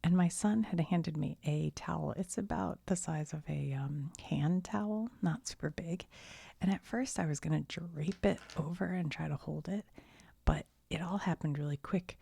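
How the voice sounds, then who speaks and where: A middle-aged woman telling a rambling everyday story in soft-spoken ASMR style, often sinking into a whisper and chuckling as she goes. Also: sits low, vocal fry, breathy edge, no echo. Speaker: ASMR channel host.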